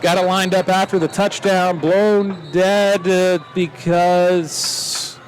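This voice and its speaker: A man calling a live high school football game play by play, quick and joking as he corrects himself. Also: fairly even intonation, a little hiss or hum. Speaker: play-by-play announcer.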